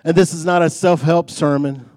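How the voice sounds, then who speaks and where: A man's voice: on the high side, steady tone, normal speed, darkish tone. A man preaching a sermon in a folksy, conversational way, mixing jokes into his points and building emphasis on key lines. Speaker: pastor.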